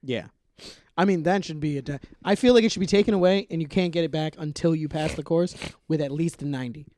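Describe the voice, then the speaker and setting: A man co-hosting a comedy podcast in casual chat, making wry, deadpan points. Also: on the high side, fast talker, no room sound. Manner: wry, builds jokes through deadpan reasoning. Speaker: podcast co-host.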